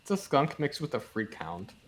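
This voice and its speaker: A man chatting on a stream in a hesitant, halting way, heard from a distant mic. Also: medium pitch, sing-song, crowd noise. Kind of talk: casual chat.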